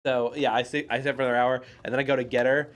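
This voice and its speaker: A man's voice: mid-range voice, flat delivery, very fast, a bit bright, slight background noise. Rambling, laughing man telling a story. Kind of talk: casual chat.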